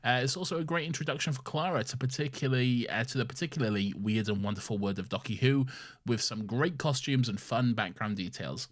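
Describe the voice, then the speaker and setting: A man's voice: mid-range voice, fairly quick. Easygoing man co-hosting a podcast. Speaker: podcast co-host. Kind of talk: casual chat.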